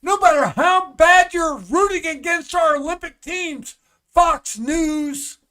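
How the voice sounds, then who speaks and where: A man from the United States, a comedian guest on a podcast, ranting with growing passion, swearing and at times shouting. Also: very high voice, slow. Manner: impassioned, building to shouting, swears. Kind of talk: casual podcast rant.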